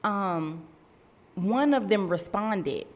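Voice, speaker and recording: A woman's voice: mid-range voice, expressive, drawn-out words, in a large hall. A woman in her thirties hosting a faith podcast, telling a personal story in a chatty way, talking straight to her listeners and laughing at herself. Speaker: podcast host.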